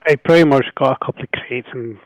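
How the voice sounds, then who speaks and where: A man playing in a tabletop game, talking quickly and offhandedly about his rolls. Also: medium pitch, no room sound, rough recording. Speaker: player. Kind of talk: casual tabletop game chat.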